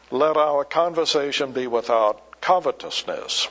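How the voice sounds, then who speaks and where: A male preacher delivers a sermon at a deliberately slow pace, leaning on repeated words for emphasis. His voice sits a little high for a man. The recording is dull and lo-fi. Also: big pitch swings, fairly bright tone, breathy edge, long reverb tail.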